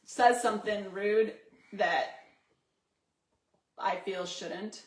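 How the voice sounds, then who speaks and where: A woman's voice: mid-range voice, drawn-out words. A woman co-hosting a casual talk show, chatting and laughing often as she tells stories. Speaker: co-host. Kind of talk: casual chat. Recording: echoey room.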